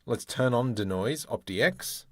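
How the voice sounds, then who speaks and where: A man demonstrating 3D modeling software, thinking aloud in a playful way and muttering keyboard shortcuts and mild exclamations as he works. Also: mid-range voice, expressive, measured pace, no room sound. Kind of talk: screen-recorded software tutorial, thinking aloud.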